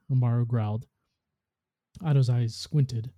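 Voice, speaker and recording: Man, host, story narration, steady read, deep mellow tone, dry. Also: normal speed, no echo. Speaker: podcast host.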